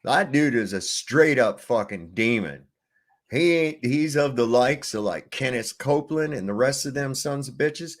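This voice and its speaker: A man's voice: mid-range voice, lively intonation, unhurried. Blunt, profane ranting man. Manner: blunt, crude, preachy. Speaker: commentary host.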